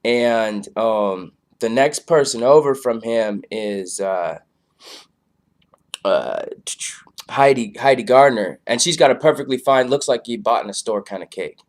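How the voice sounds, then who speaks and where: A man's voice: mid-range voice, unhurried. A man casually reviewing a comedy show, rambling loosely with lots of fillers. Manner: loose, filler-heavy, laid-back.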